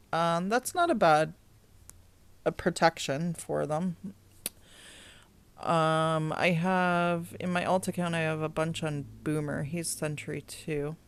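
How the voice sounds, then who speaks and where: Low, smooth-voiced woman reviewing a game. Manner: chatty, laughs easily. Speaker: game guide host. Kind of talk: casual game review commentary.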